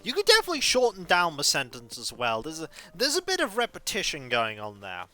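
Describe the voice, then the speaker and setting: A man streaming a game, chatting casually and telling stories in an animated, chatty way. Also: fairly high pitch, fairly quick, soft background music. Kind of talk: casual chat while playing a game.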